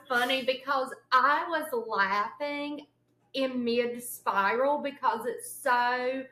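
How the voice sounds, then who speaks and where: Bright-voiced woman storyteller. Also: high voice, slow pace, roomy sound, low-quality recording. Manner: animated storyteller, acts out quotes with sudden yelps. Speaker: podcast co-host. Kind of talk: casual chat.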